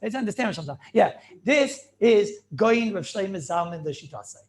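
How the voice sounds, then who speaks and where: A man, a rabbi, giving a lively class, asking questions, laughing often and repeating words as he restarts. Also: high voice, a little fast. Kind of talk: lively Talmud class lecture.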